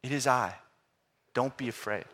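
A middle-aged man preaching a sermon, animated, swinging from loud exclamations to hushed, quiet phrases. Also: mid-range voice, normal speed. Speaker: pastor.

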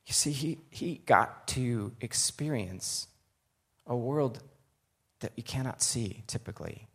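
A man's voice: mid-range voice, lively intonation, slow. A man preaching a sermon, reading scripture aloud and turning to the listeners with earnest, conversational asides.

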